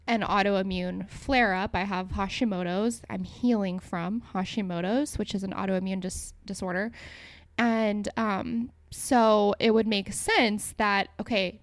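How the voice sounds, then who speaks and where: A woman's voice: mid-range voice, no room sound. A young adult woman hosting a solo podcast, talking casually and rambling, with lots of fillers and self-corrections. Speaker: podcast host.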